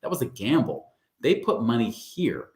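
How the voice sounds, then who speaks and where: A man's voice: medium pitch, big pitch swings, normal speed, a little mellow, echoey room. A man who coaches on money, giving a webinar in an upbeat, conversational way and often checking in with his listeners. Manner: upbeat, conversational, often asks "right?" and says "guys". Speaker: financial coach. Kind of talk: webinar presentation.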